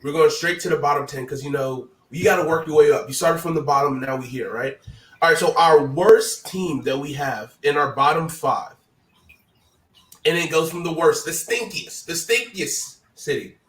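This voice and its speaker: A hoarse man hosts a sports talk stream in a loose, excitable way. His voice sits a little high, and he sounds set back from the mic in an echoey room. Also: normal speed, far from the mic. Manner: loose, hype, chatty. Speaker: host.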